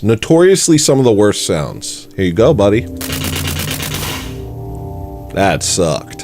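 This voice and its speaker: A man hosting a comedy livestream, rambling and self-mocking as he swings between mock panic and low mumbles. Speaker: livestream host. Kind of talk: casual comedic livestream chat.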